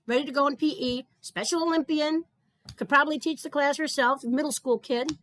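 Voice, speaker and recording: Middle-aged woman doing a keynote, kinda high voice, earnest storyteller, dry close sound. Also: brisk, fairly bright tone, no echo. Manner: earnest, storytelling, repeats words when starting. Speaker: keynote speaker. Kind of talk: conference keynote speech.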